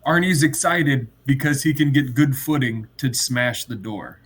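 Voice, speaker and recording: A man's voice: mid-range voice, unhurried, fairly bright tone. A man playing a tabletop game, joking playfully about his character. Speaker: player. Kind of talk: casual tabletop play.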